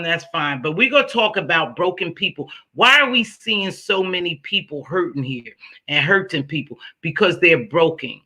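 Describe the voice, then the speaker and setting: A woman's voice: on the low side, sharp tone. A woman hosting a casual livestream, greeting her chat by name and talking firmly and chattily about the evening's topic. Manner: chatty, preachy, firm with rules. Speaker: livestream host.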